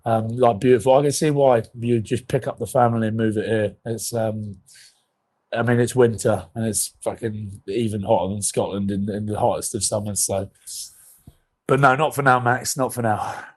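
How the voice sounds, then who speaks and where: A man's voice: on the low side, steady tone, moderate pace. A man in his thirties, a podcast co-host, telling rambling comic stories in casual chat and swearing freely.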